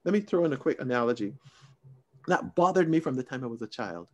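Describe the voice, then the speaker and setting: A man teaching a Sunday school Bible lesson over a video call, expressive and emphatic, shifting between raised stress and quiet asides. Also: mid-range voice, quick pace.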